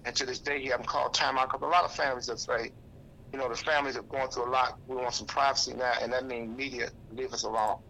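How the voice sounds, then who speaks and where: A man's voice: mid-range voice, fairly even intonation, fast, creaky, bright, forceful tone, slight background noise, poor audio. A man with a St. Louis accent talking on the radio in an impassioned, preacherly way, repeating himself for emphasis. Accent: St. Louis, Missouri. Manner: preacherly, repetitive, acts out quoted voices. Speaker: activist guest.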